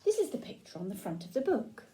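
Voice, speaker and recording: A woman reading a children's picture book aloud, gentle and sing-song, pausing to ask the young listener questions. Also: fairly high pitch, huge pitch swings. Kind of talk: children's read-aloud storytelling.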